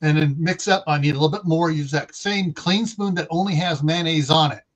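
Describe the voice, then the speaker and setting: A man hosts a relaxed panel chat and talks in loose, halting runs. He stops often for fillers and restarts. His voice sits a touch high for a man. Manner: rambling, halting with many fillers. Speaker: host.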